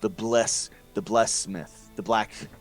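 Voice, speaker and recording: A man's voice: lowish voice, steady tone, a little slow, faint music behind. A man playing a tabletop game, goofy and scheming, who tends to repeat himself. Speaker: player. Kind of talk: tabletop role-play chat.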